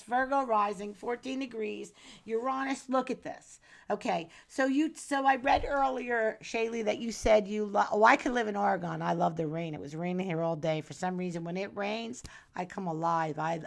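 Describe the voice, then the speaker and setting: A middle-aged New Jersey woman with a lowish, gravelly voice reads a viewer's astrology chart on a live stream. She chats casually and calls the viewer "hon" and "doll."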